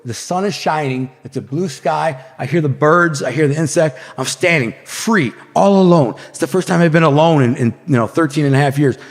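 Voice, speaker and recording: A man's voice: a little high, brisk, hardly any pauses, long reverb tail. A man telling his life story as an interview guest, loose and slangy, with lots of restarts. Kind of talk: casual storytelling.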